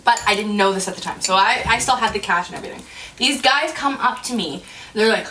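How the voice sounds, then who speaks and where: A woman's voice: mid-range voice, fast talker, bright, forceful tone, far from the mic. A young woman telling her restaurant stories in loose, profane casual chat, laughing as she goes. Her voice sits a little off the mic, with faint noise behind it. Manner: swearing, storytelling with laughs. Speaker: podcast co-host.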